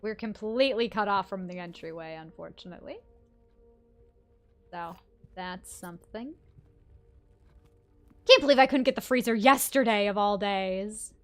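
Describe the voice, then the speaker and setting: A woman's voice: mid-range voice, normal speed, long pauses, soft background music. A young woman streaming a video game, thinking aloud in a chatty, self-mocking way. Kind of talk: casual gameplay commentary.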